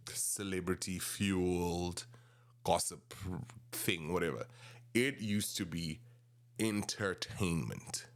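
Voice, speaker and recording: A man in his thirties with a South African accent, rambling and animated as he tells casual stories about his past. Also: sits low. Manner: rambling, animated, restarts often. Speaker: podcast host. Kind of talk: casual storytelling monologue.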